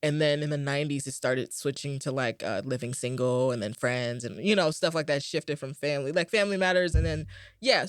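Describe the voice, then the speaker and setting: Studio-quality, dry audio captures a young woman's deep voice as she hosts a podcast. Casual and upbeat, she rambles with many fillers and seems slightly worn out.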